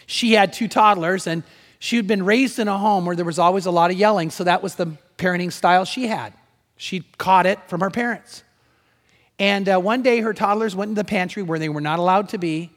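A man preaching a sermon as pastor, animated, moving between loud emphasis and hushed storytelling. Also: high-pitched, a little fast, long reverb tail. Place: church sanctuary.

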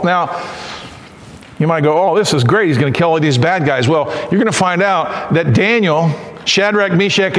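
High-voiced man preaching in a reverberant hall. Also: a bit bright. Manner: conversational preaching, acts out quotes, asks the congregation questions. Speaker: pastor. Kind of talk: sermon.

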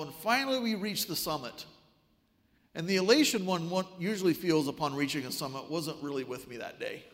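A man preaching a sermon, telling a story with wry, animated delivery. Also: high voice, big-room sound.

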